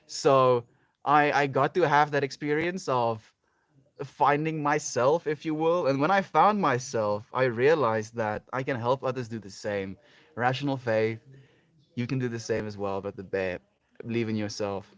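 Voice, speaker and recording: A man's voice: medium pitch, moderate pace, no echo. A sleep-deprived man rambling affectionately on a livestream, reading chat aloud and laughing often.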